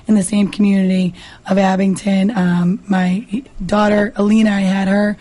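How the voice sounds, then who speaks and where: A hoarse woman from Massachusetts with a raspy voice, a state representative talking earnestly as a guest in a radio interview, with many fillers and restarts. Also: mid-range voice, level tone, normal speed, mellow. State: hoarse, lost her voice.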